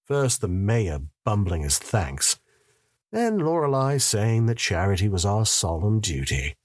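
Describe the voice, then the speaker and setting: Male first-person narrator, low and husky, wry and sardonic, lively delivery. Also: a little slow, no echo, clean studio sound.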